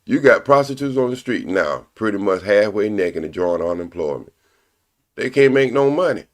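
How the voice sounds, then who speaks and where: Older male stream host, lowish voice, preachy and crude, hammers each point twice. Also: animated. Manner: preachy, repeats points slowly for emphasis; blunt and profane. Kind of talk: casual live-stream commentary.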